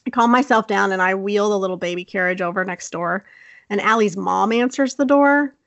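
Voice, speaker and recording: A young woman casually telling a childhood story on a podcast, animated and laughing often. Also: mid-range voice, fairly quick, dry recording, dull audio. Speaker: podcast co-host.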